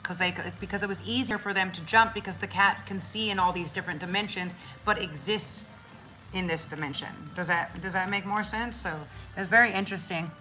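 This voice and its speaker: In a medium-pitched voice, fairly quick, with soft music in the background, this woman talks casually about spirituality. As a spiritual content creator, she's slangy and swears freely, telling stories animatedly with acted-out little voices.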